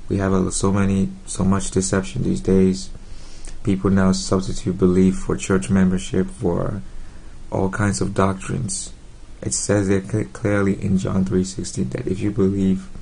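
Low gravelly man preaching earnestly. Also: monotone, mellow, low-quality recording. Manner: earnest, halting, with frequent fillers and restarts. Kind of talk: informal gospel sermon to camera.

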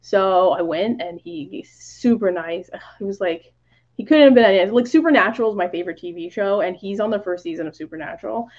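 A woman's voice: mid-range voice, expressive, a little fast, darkish tone. Woman podcast guest, casual storytelling, lots of "like", dull lo-fi sound. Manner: chatty, many "like" fillers, acts out quoted lines.

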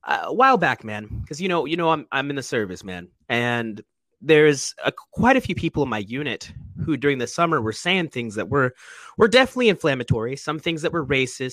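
Earnest, animated man speaking candidly. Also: mid-range voice, fairly quick, dry recording. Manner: earnest, emotional, emphatic, with frequent restarts. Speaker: soldier guest. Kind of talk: candid conversation.

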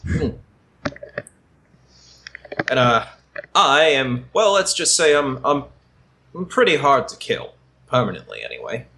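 A man's voice: medium pitch, big pitch swings, unhurried, creaky, long pauses, bright, forceful tone, slight background noise. A man at a tabletop game, speaking in a put-on British character voice with dry, sarcastic banter.

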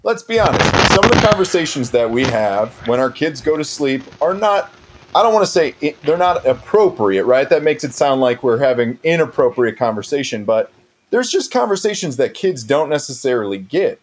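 A man's voice: medium pitch, sing-song, moderate pace. A man playing an earnest political candidate who hedges, leans on fillers and turns sappy. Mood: hedging. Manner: hedging, filler-heavy, sappy. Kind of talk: improvised comedy interview.

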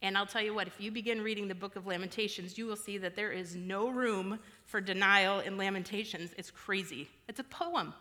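A woman's voice: mid-range voice, fairly quick, hardly any pauses, sharp tone, in a large hall. A woman giving a candid personal sermon in a frank, conversational, self-deprecating way. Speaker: church speaker.

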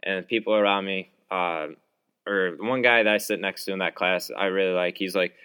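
A man's voice: deep voice, steady tone, moderate pace, sharp tone, clear, resonant tone. A young man hosting a podcast, telling a story in a rambling, filler-heavy, heated way. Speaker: podcast host. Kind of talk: casual storytelling monologue.

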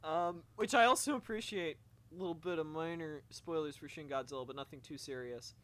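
A man chatting casually during a movie commentary, excitable, laughing often and tripping over repeated words. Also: on the high side, fairly quick.

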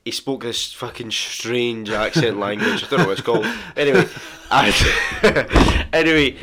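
A man's voice: medium pitch, expressive, normal speed, fairly bright tone. Teasing, crude young man. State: tipsy. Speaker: podcast co-host. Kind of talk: casual chat.

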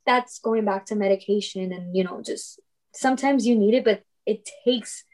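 Lively, laughing young woman. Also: medium pitch, normal speed. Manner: lively, laughs often, acts out quoted dialogue. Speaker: podcast guest. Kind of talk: casual conversational storytelling.

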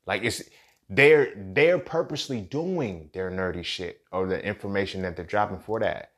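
A young man hosting a solo podcast, rambling and sarcastic, with plenty of swearing and pitch swings between loud outbursts and low mutters. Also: moderate pace. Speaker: podcast host. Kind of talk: casual solo podcast rant.

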